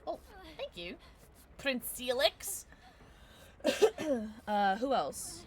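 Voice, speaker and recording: A young woman streaming a game from home on a desk microphone, chatting excitedly to her viewers and breaking into shouts and laughter. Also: a little high, slow, pauses often, a little hiss or hum. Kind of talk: live gameplay commentary.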